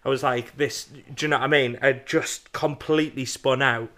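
A man's voice: medium pitch, steady tone, normal speed, fairly bright tone. A man co-hosting a podcast, telling a personal story in a rambling, casual way with lots of fillers. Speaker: podcast co-host. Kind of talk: casual chat.

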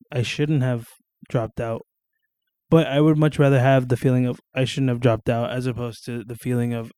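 Rambling young man with a mellow voice. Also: medium pitch, no room sound, clean studio sound. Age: young adult. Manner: rambling, swears casually, many fillers and restarts. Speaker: solo podcast host. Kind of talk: casual solo podcast monologue. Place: at home, on camera.

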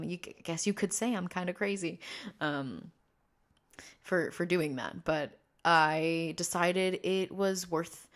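A young trans man in his early twenties hosting a personal podcast, talking in a rambling way, with many fillers, restarts and tangents. He speaks in a fairly high voice he has trained himself to use. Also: fairly bright tone. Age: early 20s. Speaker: podcast host.

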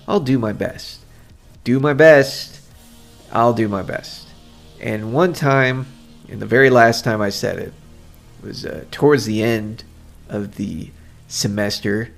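Male podcast host, mid-pitched, rambling and reflective, faint music underneath. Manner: rambling, self-deprecating, reflective. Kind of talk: casual solo podcast monologue.

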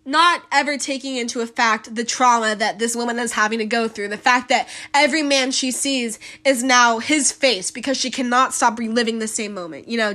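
A woman's voice: on the high side, bright, forceful tone. A woman hosting a solo podcast, talking bluntly and emphatically in a casual commentary style. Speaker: podcast host.

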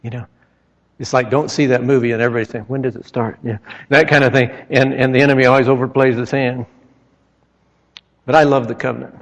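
A man's voice: mid-range voice, fairly even intonation, quick pace, pauses often. A man preaching a sermon, telling stories with dramatic retellings and emphatic outbursts. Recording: echoey hall, dull lo-fi sound.

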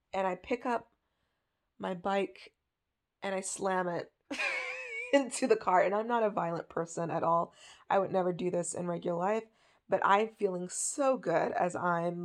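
A woman's voice: on the low side, fairly even intonation, a little slow. A woman hosting a podcast, telling a story in a casual, chatty way with lots of fillers. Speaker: podcast host.

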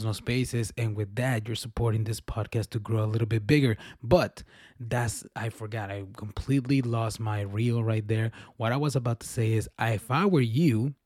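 A man's voice: lowish voice, darkish tone, no room sound. Rambling male podcast host, dry sound. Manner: rambling, self-correcting, laughs at himself. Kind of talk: casual solo podcast chat.

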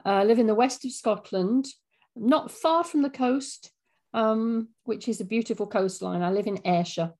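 An English woman in her fifties talks as an interview guest, her voice carrying a gravelly edge. She speaks at a thoughtful, unhurried pace with a self-deprecating humour. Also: fairly high pitch, a little mellow. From England. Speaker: audio drama writer, guest. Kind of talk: casual interview chat.

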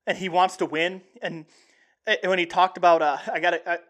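A young man hosting a sports show, talking casually and excitedly in a rambling way with many restarts. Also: sits high, brisk. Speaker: sports podcast host. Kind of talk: casual sports talk monologue.

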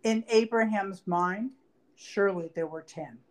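A woman's voice: medium pitch, a little slow. A woman reading Bible verses aloud and explaining them in conversation as a podcast co-host. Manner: reads scripture aloud then explains it conversationally. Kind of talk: Bible study talk.

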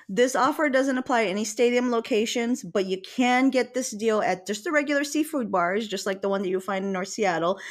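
A woman from Hawaii co-hosting a local events chat, giggly and playful with puns. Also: medium pitch. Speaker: co-host of a local events segment. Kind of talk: casual chat.

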